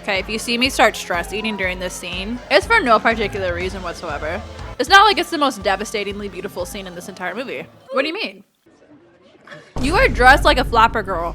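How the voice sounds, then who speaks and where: A woman hosting a movie reaction, excitable and gushing, laughing often as she talks. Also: on the high side, fast, faint music behind. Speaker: host.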